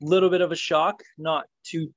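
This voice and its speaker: A man hosting a casual sports podcast, leading segments in a brisk, opinionated way. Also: a little high, little pitch movement, fairly bright tone, no room sound. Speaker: podcast host. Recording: dull, dry sound.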